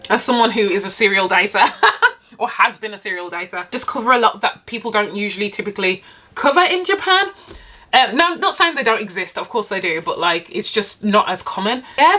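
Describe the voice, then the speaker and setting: A young British woman living in Japan sits and eats while chatting casually to the camera for her viewers. Her voice is on the high side with a sharp tone, and she talks emphatically, laughing often and swearing.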